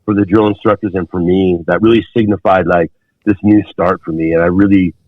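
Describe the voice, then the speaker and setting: A man in his fifties with a lowish voice tells a long story as a podcast guest, rambling through fillers and restarts. The audio is dull and very dry. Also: fairly even intonation, fairly quick, no room sound. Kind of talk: storytelling in conversation.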